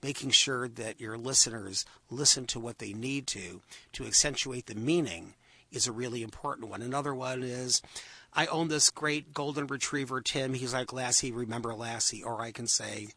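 Husky-voiced man hosting a talk show. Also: medium pitch, no room sound. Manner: expressive, plays with pauses and emphasis. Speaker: show host. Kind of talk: radio talk show chat with storytelling tips.

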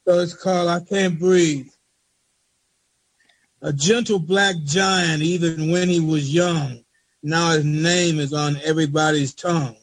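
A man reading a spoken word poem he wrote, in a slow rhythmic delivery with repeated refrains. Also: on the high side, fairly even intonation, dry recording, low-quality recording. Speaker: poet reading his own poem.

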